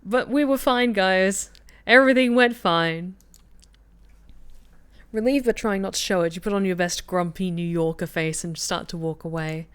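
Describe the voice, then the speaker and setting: A woman streaming a story game, reading the narration aloud in a lively way and chatting back to her viewers. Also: medium pitch, moderate pace, clean tone.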